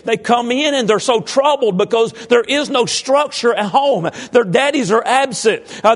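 A man, a pastor giving an informal sermon and teasing his congregation with questions. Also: very high-pitched.

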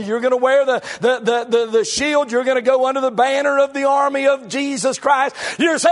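A middle-aged male preacher giving a sermon in a folksy way, swinging between shouted lines and low, quiet asides. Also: fast talker.

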